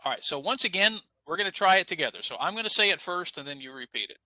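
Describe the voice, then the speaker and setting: Male ESL teacher, upbeat coach, bright animated voice, dry close mic. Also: high-pitched, fast, no room sound, rough recording. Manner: upbeat, coaching students to repeat. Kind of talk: online class instruction.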